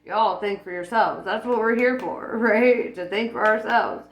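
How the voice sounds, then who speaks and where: A woman's voice: fairly high pitch, unhurried. A woman talking casually about spirituality, blunt and profane, laughing often. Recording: echoey room with faint music.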